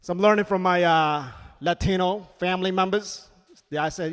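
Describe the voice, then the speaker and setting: A man doing a stand-up comedy set with a punchy, animated delivery. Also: sits high, normal speed, smooth, big-room sound. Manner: animated, punchy delivery with silly acted-out voices. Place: comedy club stage.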